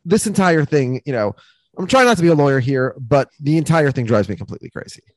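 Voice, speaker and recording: A male podcast co-host talks quickly, his voice springing up and down as he argues. He picks holes in the plot. The sound is dry and close. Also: mid-range voice, lively intonation, dry recording. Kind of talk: casual chat about a TV episode.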